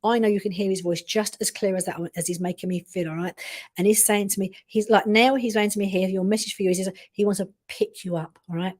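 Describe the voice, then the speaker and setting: Fast, mellow-voiced woman medium. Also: mid-range voice, fairly even intonation. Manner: rambling, full of restarts and repeated check-ins. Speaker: medium giving a reading. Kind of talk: live-streamed spirit reading.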